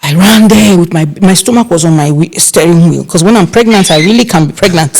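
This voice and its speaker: A middle-aged Nigerian woman who plans events is being interviewed, telling stories in a brisk, casual and animated way. She acts out other people's voices, with big jumps in pitch when quoting them.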